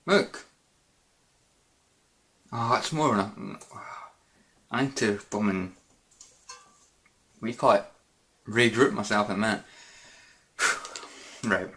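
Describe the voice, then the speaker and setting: A man's voice: lowish voice, slow, pauses often, fairly bright tone. Hesitant, rambling man. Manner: rambling and hesitant, many fillers and restarts. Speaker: YouTube gaming channel host. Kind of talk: casual Q&A vlog chat.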